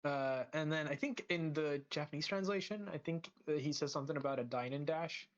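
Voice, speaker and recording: A man's voice: a little high, brisk, highs cut off. A man co-hosting a podcast, recapping an episode casually with lots of fillers and restarts. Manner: rambling, full of fillers and restarts. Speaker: podcast co-host.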